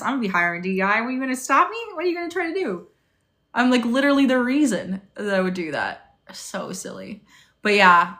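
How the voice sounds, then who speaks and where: Young woman, bright and chatty, livestream host answering comments, phone-on-tripod sound. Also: mid-range voice. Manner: chatty, bubbly, reads and answers viewer comments. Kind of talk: casual livestream chat. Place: motel room.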